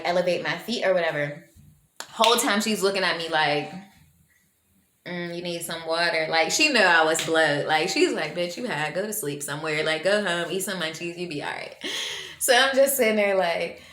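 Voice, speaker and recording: A woman tells a story to her camera in a loose, slangy way. She acts out what other people said, and her voice climbs when she gets excited. The room is echoey, with a little noise underneath. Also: mid-range voice. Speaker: vlogger telling a story.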